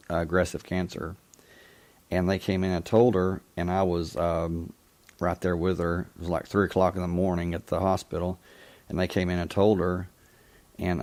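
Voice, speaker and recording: A man hosting a call-in talk show, telling a personal story in a reflective, halting way. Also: deep voice, darkish tone. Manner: reflective, halting, with frequent restarts. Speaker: radio call-in show host.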